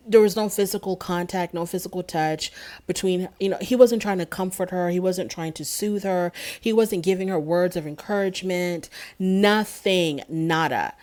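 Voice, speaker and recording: Low-voiced sarcastic woman reviewer. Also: a little mellow. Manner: sarcastic and indignant. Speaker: TV show reviewer. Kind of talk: casual recap commentary.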